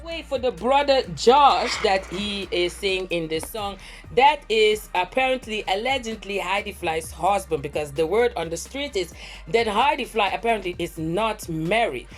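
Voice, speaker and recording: A woman hosting a gossip reaction commentary, talking in a dramatic, theatrical way with drawn-out exclamations. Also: medium pitch, expressive, soft background music. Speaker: gossip reporter host.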